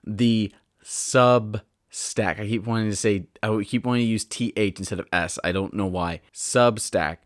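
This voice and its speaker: A tired man hosting his own podcast in a casual, rambling way, often breaking off mid-sentence and then rushing ahead in sudden bursts. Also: on the low side, dry recording, clean studio sound. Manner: rambling, self-interrupting, with bursts of hurried excitement. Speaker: podcast host. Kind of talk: casual solo podcast talk. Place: at home on a couch.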